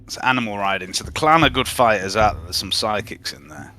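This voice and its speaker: A man playing a tabletop game, jokey and rambling, quick to laugh. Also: fairly low pitch, lively intonation, bright, forceful tone, soft background music. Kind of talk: in-character role-play chat.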